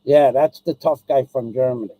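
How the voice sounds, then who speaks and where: A man's voice: mid-range voice, steady tone, normal speed, dark tone, dry recording, poor audio. A man hosting his own live stream, ranting and rambling, swearing constantly and repeating himself.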